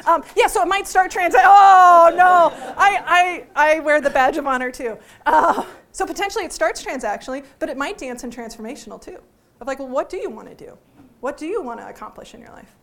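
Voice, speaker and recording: A woman teaching a workshop to a live audience, lively and joking, often putting questions to the room. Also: sits high, fast. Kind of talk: interactive workshop talk.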